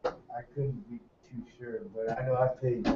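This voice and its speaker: A man in a seminar audience with a mellow, relaxed voice, giving short laughing answers. He sounds far from the microphone in an echoey room, with dull sound and faint ambience behind him. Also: mid-range voice, a little slow. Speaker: audience member. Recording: roomy, distant, dull room mic.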